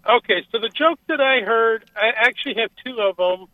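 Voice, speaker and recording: A man from Oklahoma calling a radio show, telling a joke briskly and eagerly. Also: very high voice, dry recording. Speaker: caller. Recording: thin phone line.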